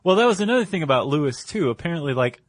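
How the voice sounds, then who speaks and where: A man's voice: a little high, sing-song, rapid-fire, no echo. A man co-hosting a podcast in casual chat, talking loosely with many fillers. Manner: loose, rambling, full of "like" and "um". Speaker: podcast co-host.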